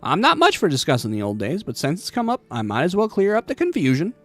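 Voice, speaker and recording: A man's voice: a little high, wildly swooping pitch, fast, a bit bright, faint music behind, exaggerated voice. A man voicing a wry, seasoned male rogue guild leader who tells old stories in a video game playthrough.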